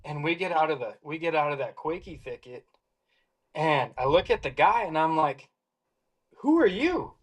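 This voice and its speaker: A man telling a hunting story in a casual, lively way, acting out the lines he quotes. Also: on the high side, moderate pace. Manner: animated, acts out quoted lines. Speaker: hound hunter telling a story.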